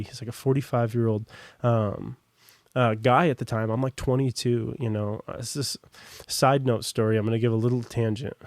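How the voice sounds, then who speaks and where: A man's voice: medium pitch, darkish tone, dry recording. A young American man on a podcast, telling his own story in a casual, rambling way with lots of fillers and asides. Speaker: podcast guest.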